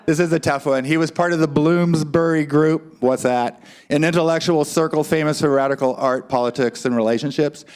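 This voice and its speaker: Male guest speaker, playful quizmaster, higher-pitched voice. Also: steady tone, darkish tone, clear, resonant tone. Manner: playful, quick asides to the audience. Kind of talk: comic quiz and puppet show for a congregation.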